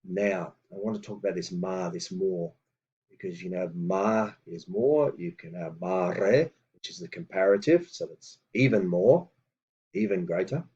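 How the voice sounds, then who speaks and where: A man teaching a lesson, reading out phrases slowly and deliberately, with hesitant fillers between explanations. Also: low-pitched, dark tone, slightly rough, lo-fi sound. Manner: slow and deliberate on old words, with hesitant fillers. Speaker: language teacher. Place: room with books on a table.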